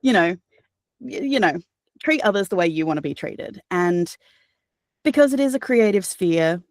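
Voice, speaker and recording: A woman's voice: fairly low pitch, lively intonation, moderate pace, darkish tone, no room sound, studio quality. A woman with an Australian accent, a narrator and voice actor, talking earnestly in an interview, with many fillers and restarts. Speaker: guest, audiobook narrator and voice actor. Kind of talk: casual interview chat.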